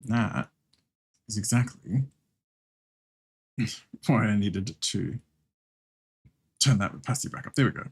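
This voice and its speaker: A man's voice: lowish voice, unhurried, creaky, pauses often, slightly rough. Brief: man, art streamer, loose rambling chatter with fillers and little laughs, drawing while he talks. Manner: rambling, reacts to chat and background music.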